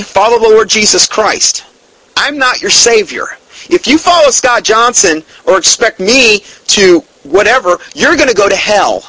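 A man's voice: high voice, sharp tone, no room sound, poor audio. A man giving a blunt, emphatic Bible teaching, denouncing other churches and quoting scripture at length. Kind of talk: preaching-style Bible teaching.

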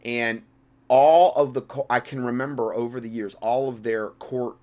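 A man's voice: mid-range voice, fairly even intonation, moderate pace. A man hosting a talk show, giving an impassioned, rambling commentary full of restarts. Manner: impassioned, rambling, with frequent restarts and big swings in loudness. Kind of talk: religious political commentary monologue.

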